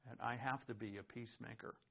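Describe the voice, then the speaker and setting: A man's voice: medium pitch, steady tone, fast, creaky. A man preaching a sermon, reading scripture aloud and explaining it in an earnest teaching tone. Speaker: pastor. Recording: muffled lo-fi recording.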